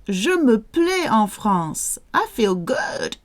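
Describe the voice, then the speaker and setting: A woman leads a French audio drill, saying each phrase slowly and more than once. Her pitch rises and falls a lot as she speaks. She cheers the listener on in an encouraging way. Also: big pitch swings. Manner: slow, repeats phrases, encouraging. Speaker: French teacher.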